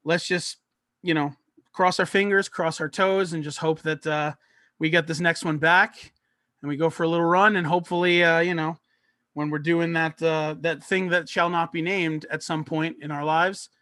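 A bright, slightly high man's voice, recorded close and dry. He is a laid-back podcast host who jokes easily and peppers his speech with "like.". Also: steady tone, normal speed, no room sound. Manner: laid-back, jokey, many fillers like "like". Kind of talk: casual podcast chat.

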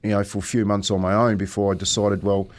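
A former rugby teammate with a New Zealand accent speaks as a guest on a podcast, talking casually in a fairly low, flat voice. Reflective and halting, he often says "mate" and laughs as he tells stories.

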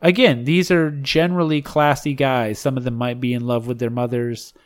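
A man's voice: medium pitch, little pitch movement, normal speed. Laughing, jokey male podcast co-host. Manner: laughs often, jokey and crude. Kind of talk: casual chat recapping a reality dating show.

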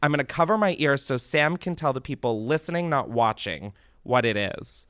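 A young man hosting a podcast, chatting casually and ranting with animated, profane exasperation. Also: medium pitch, moderate pace, clear, resonant tone, no echo, studio quality. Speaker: podcast host.

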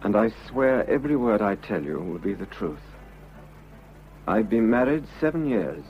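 An actor playing an unhappily married man who confesses his love, earnest and halting, in a vintage radio drama. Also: on the low side, big pitch swings, soft background music. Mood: earnest pleading. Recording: dull lo-fi old radio recording.

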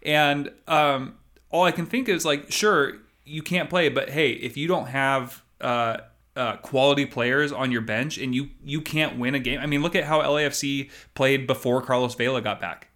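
A man's voice: mid-range voice, fairly even intonation, moderate pace, a bit bright. A man co-hosting a sports podcast in casual chat, rambling and laughing often. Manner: rambling, many fillers and restarts, laughs often. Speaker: podcast co-host.

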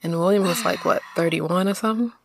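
A woman co-hosting a podcast, reacting to a TV episode in animated, blunt and slangy casual chat. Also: fairly low pitch, fast talker, slight background noise. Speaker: podcast co-host.

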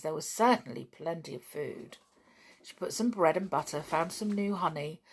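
Gravelly woman reading a children's book. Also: low voice. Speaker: podcast reader.

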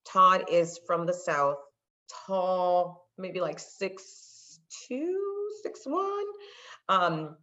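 A woman's voice: on the low side, extremely slow, muffled recording. A woman guest in a casual chat, telling stories with acted-out dialogue and dropping into Spanglish. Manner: animated storyteller, slips into Spanglish; acts out quoted dialogue. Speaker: podcast guest.

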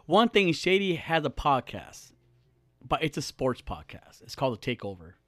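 A man's voice: a little high, big pitch swings, normal speed, a bit bright, no room sound. A young man hosting a podcast, chatting casually, joking and swearing freely in a small studio. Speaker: podcast host.

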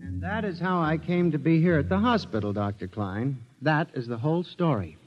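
Man voicing a paranoid engineer, 1950s radio drama, pleading and frantic, lively highish voice. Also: normal speed, music in the background, lightly acted. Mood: earnest conviction. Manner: pleading, rising to frantic shouts. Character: paranoid male engineer who fears machines. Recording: dull old radio recording.

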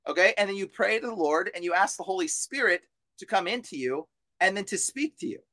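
Fervent high-voiced man preaching insistently. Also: lively intonation, a little fast, pushed and bright, no echo. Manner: fervent and insistent, repeats himself, casual slang. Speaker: exorcist guest on a podcast. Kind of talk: preachy podcast talk.

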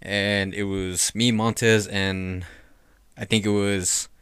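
Young man, casual storytelling, low pitch, rambling, swears a lot, dry sound. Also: level tone, slow pace, fairly bright tone, clear, resonant tone, no room sound. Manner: rambling, profane, lots of "like". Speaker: podcast host telling a ghost story.

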